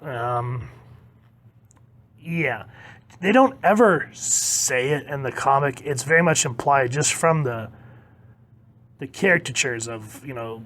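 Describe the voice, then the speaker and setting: A man's voice: medium pitch, fairly bright tone. A man talks casually through a comic book review in a mid-range voice. He is chatty and enthusiastic and reads quotes aloud as he goes.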